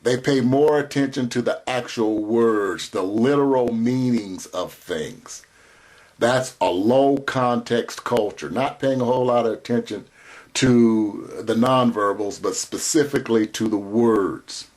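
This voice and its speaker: A man giving a recorded lecture in a slow, measured way, spelling out key terms. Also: medium pitch, a little mellow.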